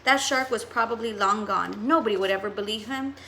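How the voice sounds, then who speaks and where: Bright-voiced woman teacher reading aloud. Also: medium pitch, fairly quick, a little hiss or hum. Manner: expressive storytelling. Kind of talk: reading a novel aloud to students.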